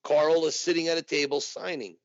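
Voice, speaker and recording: A man being interviewed, telling an animated anecdote in casual conversation. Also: on the high side, fairly quick, no room sound. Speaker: interview guest, impersonator. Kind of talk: casual storytelling. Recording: dull dry recording.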